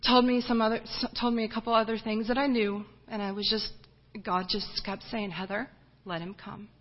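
A woman's voice: a little high, little pitch movement, muffled recording. Earnest woman missionary telling her story. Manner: earnest, emotional storytelling with halting restarts. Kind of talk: personal testimony talk.

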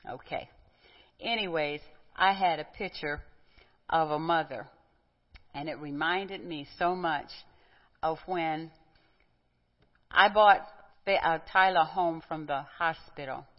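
Middle-aged woman giving a conversational teaching talk, fairly low voice, muffled hall sound. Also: slow, pauses often. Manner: conversational, asks rhetorical questions, tells personal stories. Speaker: women's Bible teacher. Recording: dull, reverberant hall recording.

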